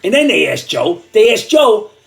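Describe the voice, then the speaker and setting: An older man with a fairly high voice rants in a comedic, sarcastic tirade. His pitch swings widely as he works himself up, stumbling over repeated words. He sounds angry and mocking throughout. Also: sing-song, moderate pace, creaky, fairly bright tone, faint music behind. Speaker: comedic commentator. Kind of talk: comedic political rant.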